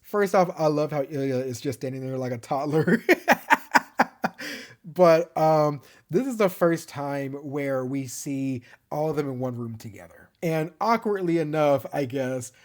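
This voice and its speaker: A man's voice: fairly high pitch, normal speed, darkish tone. A man recapping and reviewing a TV show in a casual, gushing way, laughing often.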